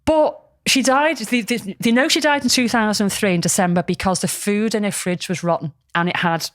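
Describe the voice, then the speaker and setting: A woman's voice: mid-range voice, a little fast, dry recording, studio quality. A woman, casually telling a story on a podcast, rambling with lots of ums and restarts. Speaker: podcast co-host.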